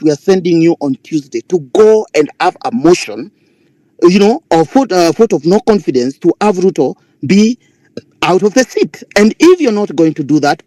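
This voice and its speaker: Rally-style man, higher voice. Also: no echo. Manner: rally-like, forceful, repeats himself, argues back when cut off. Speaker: caller in a live audio space. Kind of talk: impassioned political speech.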